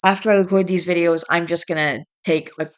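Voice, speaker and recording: Woman vlogger, low voice, smooth, tired and stressed, rambling, trying not to yawn. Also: steady tone, brisk. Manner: rambling, restarting sentences. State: tired, fighting yawns. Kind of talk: casual vlog chat.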